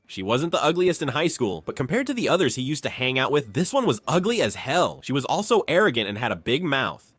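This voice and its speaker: A man's voice: medium pitch, big pitch swings, fairly quick, a bit bright, husky, no room sound. A man narrating a comic story in casual spoken style, doing the other characters' voices himself, with crude slang and a habit of saying "man". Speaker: storyteller voicing all the characters.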